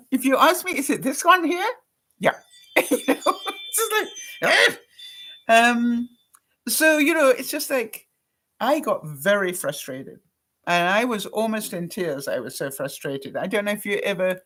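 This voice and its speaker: An older woman from Canada, a vlogger telling a personal story in a chatty way, laughing often and acting out the lines of the people she quotes. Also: medium pitch. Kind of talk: casual storytelling to camera.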